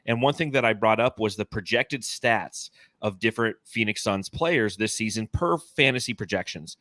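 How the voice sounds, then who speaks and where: A man in his forties hosting a casual sports podcast, talking in an animated, rambling, enthusiastic way. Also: on the low side, normal speed, no room sound, studio quality. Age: 40s. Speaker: podcast host.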